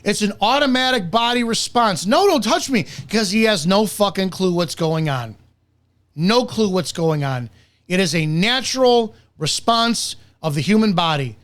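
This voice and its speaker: A man's voice: high-pitched, lively intonation, measured pace, a bit bright. A man hosting reaction commentary, heated and profane, berating the person he is reacting to. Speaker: commentator and host.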